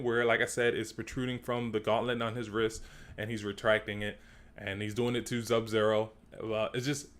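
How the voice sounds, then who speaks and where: A man giving a casual, slangy commentary as he breaks down a movie trailer. He repeats himself, restarts phrases and climbs higher in pitch when he gets worked up.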